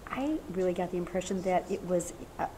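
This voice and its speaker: A woman's voice: on the low side, brisk. A woman in the audience asks a question, hesitating and filling the gaps with many ums and uhs. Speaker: audience member asking a question. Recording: noisy audience recording.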